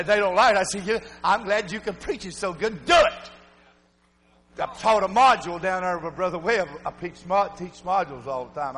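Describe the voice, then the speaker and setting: An older pastor delivers a fiery sermon in a high, ringing voice. He slips between folksy, storytelling talk and loud, shouting preaching. His voice hangs in the long reverb of a church sanctuary. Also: slight background noise.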